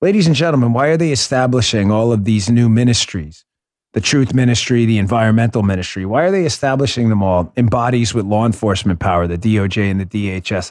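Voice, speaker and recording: A man's voice: mid-range voice, a little fast, darkish tone, no room sound, clean studio sound. A middle-aged man hosting a podcast, delivering a combative political monologue full of sarcasm and rhetorical questions. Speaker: podcast host.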